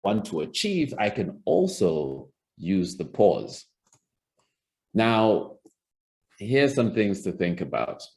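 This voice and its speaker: A man's voice: lowish voice, very animated, slow, a little mellow. A man teaching presentation skills as a public speaking coach, demonstrating by shifting his tone and pace. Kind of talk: recorded presentation lesson.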